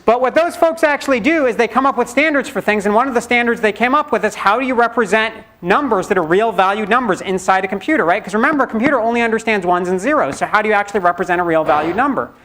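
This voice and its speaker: A man's voice: sits high, fast, few pauses, pushed and bright. A middle-aged man giving a university programming lecture in a conversational, joking way, acting out students' questions. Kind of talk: classroom lecture. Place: lecture hall.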